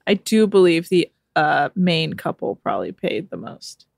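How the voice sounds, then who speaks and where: A woman co-hosting a comedy podcast, recapping a reality show with lively storytelling and deadpan jokes. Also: deep voice, a little slow, vocal fry, dry recording, clean studio sound. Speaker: podcast co-host.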